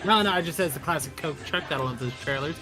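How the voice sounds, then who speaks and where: A man co-hosting a casual live stream, chatting and cracking wry, deadpan jokes. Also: on the high side, very fast, soft background music. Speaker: stream co-host.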